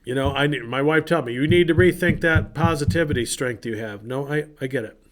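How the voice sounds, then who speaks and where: A man's voice: mid-range voice, fairly quick. A man who is a pastor giving a casual, earnest devotional talk with an encouraging, conversational manner.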